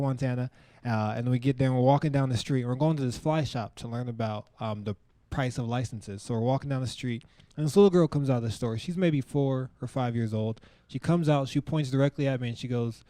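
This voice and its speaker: A man's voice: medium pitch, fairly quick, darkish tone. A male stand-up comedian talking to a live audience on stage in a conversational style, full of asides like "you know" and "like".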